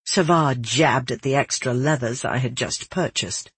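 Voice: medium pitch, unhurried, a bit bright, husky, no echo. Narrateur à la voix voilée et sèche. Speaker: audiobook narrator. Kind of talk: first-person fiction narration.

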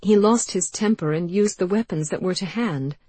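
Woman voicing a witty sharp-tongued young lady. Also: mid-range voice, moderate pace, breathy edge, no echo, pitched above the performer's own voice, natural voice. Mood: wry. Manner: dry, teasing. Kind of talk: audiobook character voice.

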